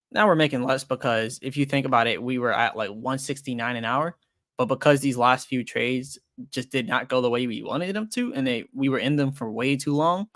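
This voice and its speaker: A man's voice: mid-range voice, fairly bright tone, no room sound, clean studio sound. A young man hosting a casual crypto trading livestream, thinking aloud in a loose, rambling way with lots of fillers, frank and self-deprecating as he reads viewer comments.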